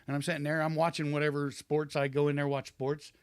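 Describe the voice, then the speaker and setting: A man's voice: on the high side, flat delivery, fast, clear, resonant tone, no room sound, clean studio sound. A man in his fifties, a retired wrestler, casually telling long rambling stories on a podcast, acting out what people said. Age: 50s. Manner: rambling anecdotes with acted-out quotes. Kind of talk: casual storytelling chat.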